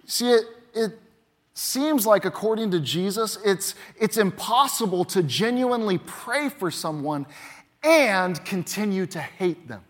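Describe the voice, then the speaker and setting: A man preaching a sermon as pastor, emphatic, with lines that punch loud and then drop quiet. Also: high voice, expressive, measured pace. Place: church. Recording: long reverb of a large church hall.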